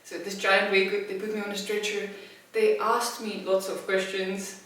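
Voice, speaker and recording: A woman telling a comedic personal anecdote as a storyteller, animated and self-mocking, with big swings in pitch and loudness. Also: normal speed. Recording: very echoey room, from a distance.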